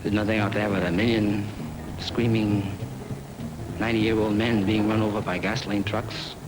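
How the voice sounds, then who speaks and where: A man's voice: on the low side, little pitch movement, normal speed, over music, poor audio. A man narrating a film in improvised spoken word, rhythmic and free-associating.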